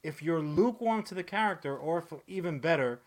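A man co-hosting a podcast, rambling and swearing freely, cracking jokes in quick bursts. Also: a little high, expressive. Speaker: podcast co-host. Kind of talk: casual podcast chat.

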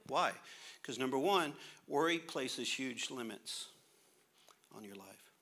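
A man's voice: mid-range voice, slow pace. A middle-aged man preaching a sermon, reading scripture and acting out funny little scenes with his kids. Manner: animated, humorous, acts out little scenes. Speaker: pastor.

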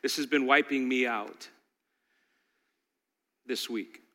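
Impassioned preacher in a reverberant hall. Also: male voice, medium pitch, takes it slowly. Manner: impassioned, swings from loud exhortation to quiet intensity. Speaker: pastor. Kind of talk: sermon. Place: large church hall.

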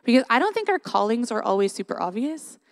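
A woman's voice: on the high side, sing-song, fast, vocal fry. A young woman giving a sermon in an earnest, conversational way, often adding "like" and "right?". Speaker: worship leader giving a church talk.

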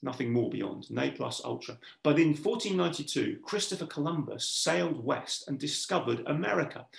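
Guy preaching a sermon, kinda high gravelly voice, earnest, lots of questions to the crowd, roomy echo. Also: animated, moderate pace. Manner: earnest, poses rhetorical questions to listeners. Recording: echoey room.

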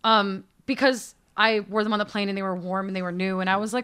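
A woman casually telling a lively travel story in conversation, self-mocking and full of fillers. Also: mid-range voice, unhurried, clear, resonant tone.

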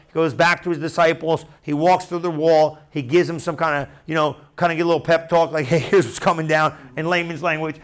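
A man preaching a casual Bible teaching, talking straight to his listeners and acting out scenes in everyday slang. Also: fairly high pitch. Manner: animated, conversational, acts out Bible scenes in slang.

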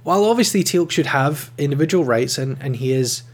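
Man host, casual episode review, chatty with lots of ums, mid pitch. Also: animated, a little fast. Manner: conversational, with frequent fillers and enthusiastic rises.

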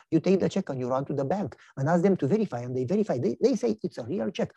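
Animated woman preaching a parable. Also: rapid-fire, few pauses, breathy edge, no echo. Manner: animated storytelling, voices characters with big pitch swings. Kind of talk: sermon with acted-out parable.

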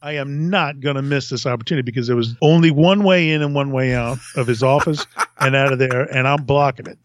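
A male podcast host telling an animated story, laughing often and swearing freely. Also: mid-range voice, brisk, no echo.

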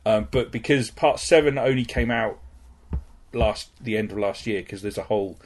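A man's voice: on the low side, moderate pace, a little hiss or hum. A man in casual chat, explaining his collection in detail.

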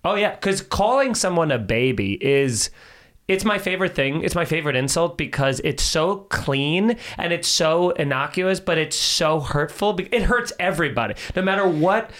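A laid-back male podcast guest, chatting casually in quick bursts and calling people "dude". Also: a little high, expressive, fairly bright tone. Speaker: guest, Twitch streamer. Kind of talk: casual chat.

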